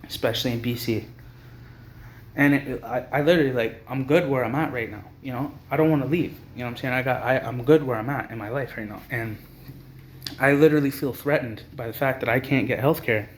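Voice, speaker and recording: A man's voice: mid-range voice, brisk, slight background noise. Angry young man ranting profanely. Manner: heated, profane, repeats himself and trails off. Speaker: vlogger. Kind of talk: angry rant to camera.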